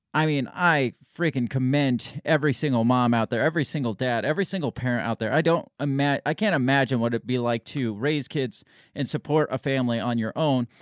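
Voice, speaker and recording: A man's voice: medium pitch, no echo, studio quality. A man hosting a podcast, talking in a casual rambling rant full of restarts, fillers and sarcastic asides. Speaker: podcast host. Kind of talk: casual ranting monologue.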